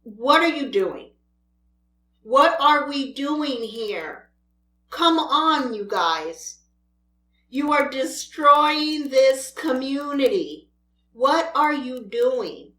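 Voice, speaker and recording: A woman's voice: sits high, expressive, drawn-out words, bright, forceful tone, reverberant. A woman mukbang vlogger ranting in an exasperated, scolding way at other creators while she eats. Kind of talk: ranting vlog while eating.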